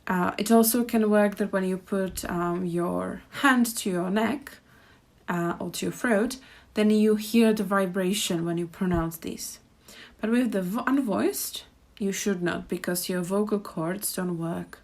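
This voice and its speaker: This language teacher is a young woman with a Czech accent who speaks unhurriedly in a mid-range voice with vocal fry. She's teaching pronunciation, saying words over carefully for her learners.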